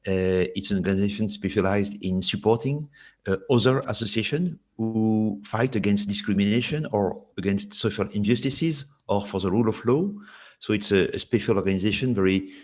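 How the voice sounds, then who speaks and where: A man's voice: on the low side, brisk, darkish tone. A man with a French accent introducing his organization in an online panel, hesitant and full of fillers. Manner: hesitant, apologetic, many fillers. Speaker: head of a civil society group. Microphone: video call. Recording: lo-fi video call audio.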